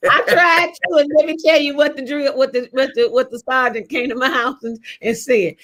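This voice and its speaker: High-voiced woman host telling stories. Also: moderate pace. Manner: animated, shouts when quoting people, laughs often. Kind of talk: casual storytelling chat.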